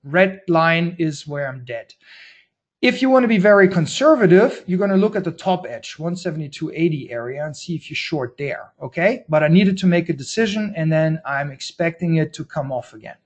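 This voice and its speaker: Guy with a slightly high voice hosting a trading webinar, casual and blunt, restarts a lot. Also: expressive. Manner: brisk, blunt, informal, with restarts and slang. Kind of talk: casual market-analysis webinar talk.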